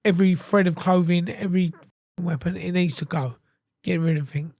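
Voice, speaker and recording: A man's voice: high voice, fairly even intonation, a little fast, darkish tone, no echo, studio quality. An English man, a podcast guest, telling his story casually with heavy swearing and acted-out quotes. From England. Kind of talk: candid storytelling interview.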